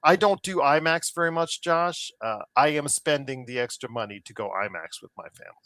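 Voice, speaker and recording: A man's voice: medium pitch, animated, fairly quick, a bit bright, dry recording. Rambling man on a casual podcast. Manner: rambling, many fillers and restarts; exasperated about controversies. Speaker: podcast co-host. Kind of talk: casual chat. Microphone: remote call mic.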